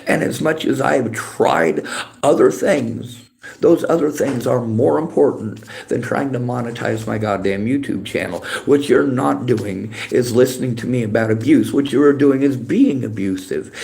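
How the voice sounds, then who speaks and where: Bitter, gravelly man ranting at chat. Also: mid-range voice, normal speed, a little mellow. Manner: bitter, profane, lecturing. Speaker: livestreamer reading chat. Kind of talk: angry livestream rant. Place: library.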